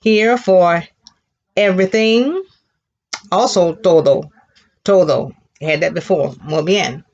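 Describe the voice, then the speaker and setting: A woman's voice: lowish voice, slow pace, long pauses, darkish tone, highs cut off. A woman teaching a children's Spanish class, patiently modeling words for the class to repeat and praising them. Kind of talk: elementary Spanish lesson.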